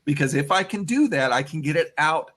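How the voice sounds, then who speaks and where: A man chatting casually as a guest, expressive and quick to react with surprise. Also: on the high side. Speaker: guest in an online interview. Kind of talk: casual chat.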